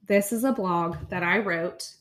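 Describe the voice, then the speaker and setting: A woman, a podcast host in her thirties, chatting casually with soft laughs and reading her own blog aloud. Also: fairly low pitch, measured pace.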